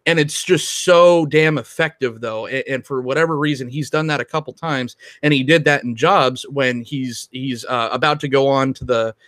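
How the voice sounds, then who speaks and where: A man's voice: mid-range voice, normal speed, hardly any pauses, fairly bright tone, no echo. A man co-hosting a podcast, talking about films in a rambling way with lots of restarts and ums. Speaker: podcast co-host. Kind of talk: casual film discussion.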